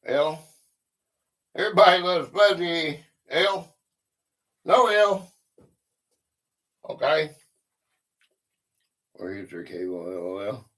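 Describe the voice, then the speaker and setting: Male stream host, bright and slow-paced, greeting viewers by name as he reads out quiz questions. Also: on the high side, lively intonation. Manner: chatty, greets viewers by name, thinks aloud. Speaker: livestream host. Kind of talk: casual livestream chat.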